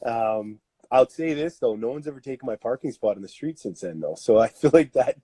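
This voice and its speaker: Canadian guy in his 30s, loose animated storyteller, husky, dry close mic. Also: mid-range voice, fairly quick, no room sound. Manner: animated, laughing, full of fillers. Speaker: podcast guest, strength coach. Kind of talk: casual storytelling.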